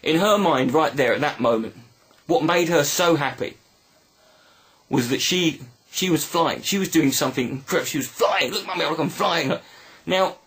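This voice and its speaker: A man telling a personal story in a reflective video monologue, halting and earnest with many restarts. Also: on the high side, a bit bright, husky. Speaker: video blogger.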